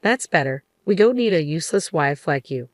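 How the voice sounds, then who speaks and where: A woman's voice: sits low, lively intonation, normal speed, no echo, clean studio sound. A woman reading as a gloating mother-in-law. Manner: gloating, mocking. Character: scheming mocking mother-in-law, older woman.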